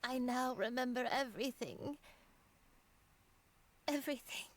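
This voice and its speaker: An actress voicing a gentle old grandmother who was once a crane, speaking softly and tenderly, often near a whisper, in a game. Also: high voice, measured pace. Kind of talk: game dialogue.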